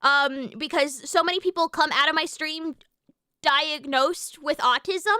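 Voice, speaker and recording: High, bright-voiced excitable woman streamer. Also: measured pace, no echo, studio quality. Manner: excitable, swears freely, lots of fillers and restarts. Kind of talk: casual live-stream chat, reacting to chat.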